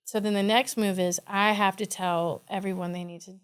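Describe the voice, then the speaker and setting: A woman's voice: medium pitch, moderate pace, clear, resonant tone. A woman from Kentucky, a podcast guest, telling a story in casual chat and acting out the people in it. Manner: animated, acts out the people in her story.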